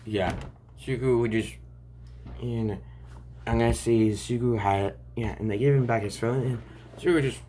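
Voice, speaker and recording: A man's voice: medium pitch, steady tone, normal speed, pauses often, dark tone, slight background noise. A man improvising a fan story aloud, rambling and restarting often between lines.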